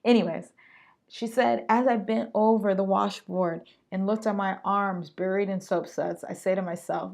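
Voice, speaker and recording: A woman hosting a solo podcast, talking straight to her listeners in an animated, slangy way. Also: fairly low pitch. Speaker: podcast host.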